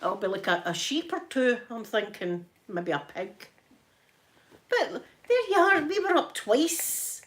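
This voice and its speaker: A woman's voice: fairly high pitch, sing-song, measured pace, fairly bright tone. A Scottish woman chatting casually to her viewers at home, talking freely and laughing often. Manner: chatty, laughs often, addresses chat by name. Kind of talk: casual live-stream chat while ironing.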